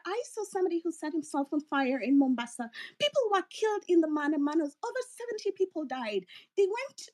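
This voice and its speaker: A woman's voice: extremely high pitch, warm tone. A Kenyan woman delivering an impassioned, profane political monologue. She is openly angry and keeps breaking off mid-thought. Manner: angry, profane, ranting, self-interrupting. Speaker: political commentator.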